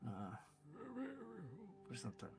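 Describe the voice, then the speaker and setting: A man playing his character in a tabletop game, talking haltingly and thinking aloud. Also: a little mellow. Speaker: player. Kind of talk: in-character tabletop role-play.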